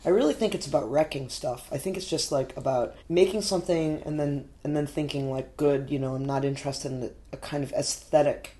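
A woman's voice: low voice, a little fast, hardly any pauses, warm tone. A woman artist from New York, telling stories in a casual interview with many fillers and frequent laughs. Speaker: artist guest.

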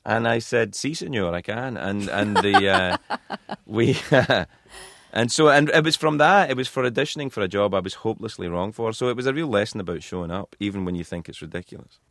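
A man's voice: fairly low pitch, fairly quick, a bit bright. A man telling rambling, self-deprecating stories as a guest in a radio studio interview. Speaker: talk show host as guest.

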